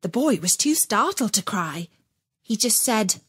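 A woman reads a children's storybook aloud, expressive and lively in her storytelling. Her voice sits at a medium pitch with a slightly husky edge. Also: takes it slowly, no room sound. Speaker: narrator. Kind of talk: children's audiobook narration.

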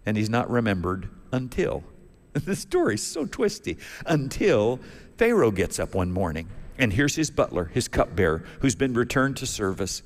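A man's voice: mid-range voice, very animated, normal speed. A male pastor preaching a sermon in a folksy storytelling manner, acting out the characters as he goes. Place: church sanctuary. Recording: long church reverb.

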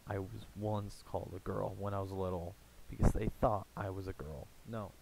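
Young man, casual vlog rambler, slow and gravelly, faint hiss behind. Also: low-pitched, steady tone, darkish tone, low-quality recording. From United States. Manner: rambling, halting, many fillers and restarts. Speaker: gaming YouTuber.

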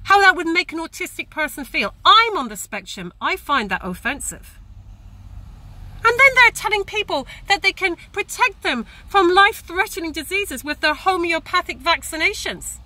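A woman's voice: very high voice, big pitch swings, moderate pace, sharp tone. A woman campaigner ranting to camera, indignant and emphatic, often tagging her points with "okay?". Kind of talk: angry direct-to-camera rant. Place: Ireland.

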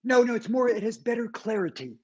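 Husky guy in his 60s, really high voice, wry storyteller, dull lo-fi video call sound. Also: expressive, fast talker, a little mellow. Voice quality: husky post-covid voice. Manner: wry, anecdotal. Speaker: guest author. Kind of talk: interview storytelling.

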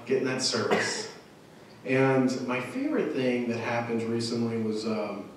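A young man doing self-deprecating stand-up with a lively, slightly high voice that swings up and down. He is heard from afar in a strongly echoing club. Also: far from the mic. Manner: self-deprecating, animated delivery. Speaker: stand-up comedian. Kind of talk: stand-up comedy set. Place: comedy club stage. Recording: echoey room, mic heard from afar.

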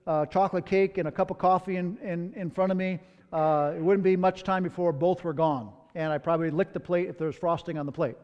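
A man's voice: high-pitched, a little mellow, clean tone, highs cut off. A man pastor preaching a sermon in a conversational way, with personal asides, in a church sanctuary. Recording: long hall reverb.

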